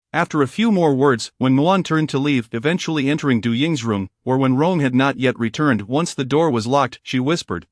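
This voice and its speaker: A man reading a novel aloud as narrator, in an even, measured storytelling manner. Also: medium pitch, no echo, studio quality. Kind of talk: audiobook reading of a romance novel.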